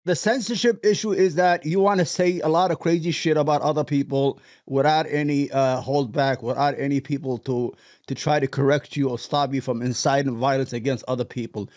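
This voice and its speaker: A man's voice: mid-range voice, steady tone, brisk, darkish tone, dry recording. A man hosting a podcast, ranting angrily with heavy profanity and stumbling over repeated words. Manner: angry, profane, repeats words when riled. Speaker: podcast host. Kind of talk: heated ranting commentary.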